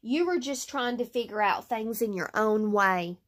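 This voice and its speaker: A woman reading aloud the words of Jesus, a grown man and calm, firm teacher, in a slow and earnest way. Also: a little high.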